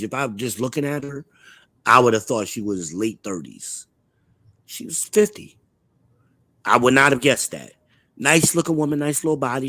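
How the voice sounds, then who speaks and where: A man's voice: mid-range voice, a bit bright, dry recording. Blunt, profane man hosting a live talk show. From Charlotte, United States. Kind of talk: casual opinionated chat.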